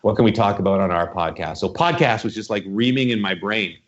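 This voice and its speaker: A podcast host with a lowish voice talks briskly in a casual chat, rambling through a story and doing the voices of its characters. The recording has a dull, lo-fi quality.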